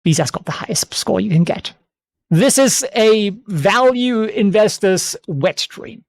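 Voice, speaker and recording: A man hosting an investing channel, giving casual stock analysis with excitable, joking asides and frequent repeats. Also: high voice, unhurried, vocal fry, no echo.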